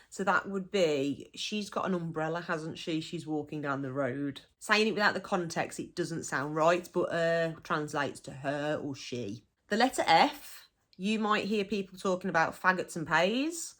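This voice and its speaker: A woman with a broad Black Country accent, talking through local dialect words one by one. She is chatty and easygoing, and often acts out little example phrases. Her voice sits a little low for a woman. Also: lively intonation, unhurried, fairly bright tone. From Black Country, England. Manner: chatty, laughs easily, gives example phrases. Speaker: dialect explainer. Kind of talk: casual explanatory monologue.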